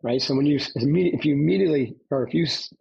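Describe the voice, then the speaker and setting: A man's voice: fairly high pitch, racing, vocal fry, a little mellow, slightly rough, dull audio. A man speaking as a podcast guest, a former Navy SEAL, telling his story in an emphatic coaching tone and often checking in with "right?". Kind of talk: conversational storytelling.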